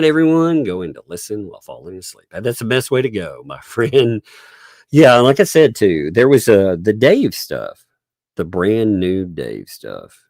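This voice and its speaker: Low gravelly man. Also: darkish tone, no echo. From Oklahoma. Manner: rambling, chuckles often, thanks viewers. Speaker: livestream host. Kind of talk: casual live stream chat.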